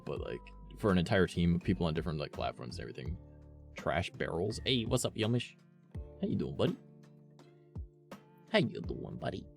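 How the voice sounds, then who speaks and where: A man's voice: low voice, darkish tone. A man streaming and chatting casually with his viewers, rambling and cursing often, with lots of "like" in his talk. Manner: rambling, swears often, heavy use of "like". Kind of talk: casual chat with a live stream audience.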